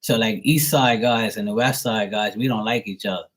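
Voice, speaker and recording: A man's voice: on the low side, normal speed, a bit bright. A young adult man with a Bermudian accent, chatting casually and rambling on a live stream, swearing now and then. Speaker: live tarot reader.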